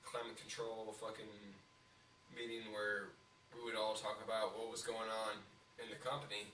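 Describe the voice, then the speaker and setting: A man's voice: lowish voice, monotone, normal speed, sharp tone. A young man talking bluntly and profanely in casual podcast chat. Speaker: podcast co-host. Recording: echoey room, mic at a distance, faint hiss.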